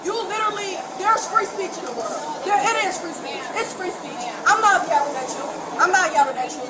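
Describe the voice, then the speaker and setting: A young woman from the American Midwest, loud and defiant, arguing with police at an airport, caught on a bodycam. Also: extremely high pitch, lively intonation, fairly quick. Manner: loud, defiant, talks over others. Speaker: angry airline passenger. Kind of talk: heated argument with police. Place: busy airport terminal. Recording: bodycam audio in noisy crowd. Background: loud crowd chatter.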